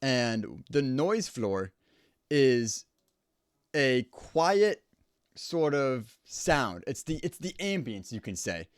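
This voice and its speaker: An audio engineer, close to a studio microphone, casually explains home studio recording and repeats points to stress them. His medium-pitched voice is extremely slow yet swings widely in pitch, smooth and echo-free.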